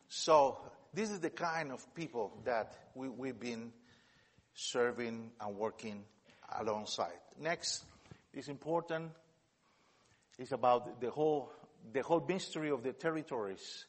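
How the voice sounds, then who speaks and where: A man from America, a missionary speaker giving a slide presentation. He talks haltingly and often repeats words as he tells stories. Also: mid-range voice. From Latin America. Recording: long reverb of a large hall.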